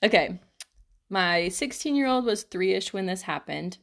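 A woman's voice: medium pitch, lively intonation, unhurried, gravelly, fairly bright tone. A young woman co-hosting a podcast, chatting casually and reading listener stories, giggling often and filling her talk with "like". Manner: giggly, lots of "like" fillers. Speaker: podcast co-host.

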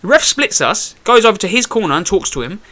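In a voice that sits high, a young man spins a quick-paced tale about a boxing match he fought. The chat is casual, and he animates it by performing the quotes and cursing freely.

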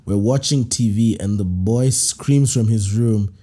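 A man hosting a podcast, reading out listener stories and reacting with animated laughter and playful put-on voices. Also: lowish voice, unhurried. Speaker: podcast host.

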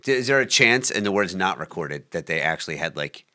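Lively, bright-voiced male podcast co-host. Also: low-pitched, fairly quick. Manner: rambling, jokey, thinks out loud. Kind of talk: casual chat.

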